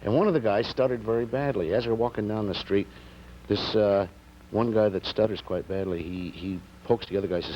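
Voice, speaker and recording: A man's voice: fairly low pitch, fairly quick. A man telling a joke at a comedy round table, laughing as he goes and mimicking a stammering man. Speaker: comedian guest. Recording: dull old TV recording with faint hiss.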